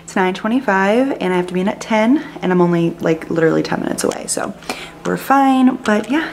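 A young woman in her twenties chatting excitedly to her phone camera in a casual vlog. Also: medium pitch, a little fast, vocal fry. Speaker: vlogger.

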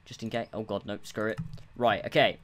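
At home, with others in the house, a let's play gamer offers casual, rambling commentary on his own gameplay, mocking himself and swearing often. His voice sits fairly low, with a steady, fairly bright tone and a slightly fast pace.

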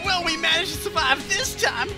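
A man voicing a hysterical young woman shouting that everyone will die. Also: very high voice, normal speed, music in the background. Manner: panicked shouting. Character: hysterical young woman screaming about doom.

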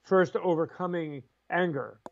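An older man speaks as a guest in an interview, his voice pitched high with a gravelly edge. He tells rambling, chuckling stories and slips into quoted voices along the way. The recording sounds dull and lo-fi. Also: a little slow. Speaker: interview guest, Buddhist scholar. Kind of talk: animated storytelling in conversation.

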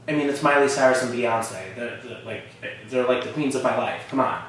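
A man reacting excitedly to music for his vlog, gushing over what he hears. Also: medium pitch, normal speed, distant mic, noisy background. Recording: echoey room from off mic.

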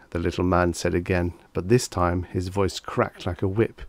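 A man with a deep, low voice reads a vintage short story aloud at an even storytelling pace. The sound is dry and close, with no music behind him. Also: moderate pace, few pauses, dry recording. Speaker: audiobook narrator.

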